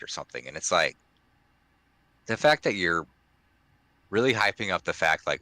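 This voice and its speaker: A man with a very deep, bright voice talks casually as a podcast co-host. He rambles, restarting his sentences and leaning on fillers. The sound is close and dry. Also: lively intonation, fairly quick, pauses often, dry recording. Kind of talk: casual chat.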